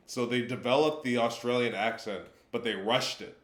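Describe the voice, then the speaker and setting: Deadpan rambling man in an echoey room. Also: medium pitch, normal speed, few pauses. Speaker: wrestler co-hosting a livestream. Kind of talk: casual livestream chat.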